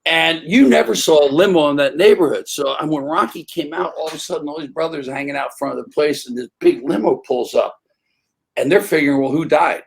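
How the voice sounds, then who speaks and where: An older man, an interview guest on a remote call, telling animated stories and acting out other people's voices. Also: fairly high pitch, fairly quick, creaky, husky, rough recording. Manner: animated, acts out voices in anecdotes. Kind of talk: casual storytelling.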